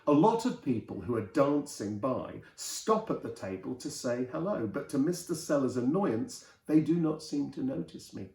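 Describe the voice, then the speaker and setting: A man reading an old novel aloud in a lively storytelling manner, his voice mellow and warm. The recording is roomy, with a clear echo around him. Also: medium pitch, normal speed, hardly any pauses. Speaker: host and reader.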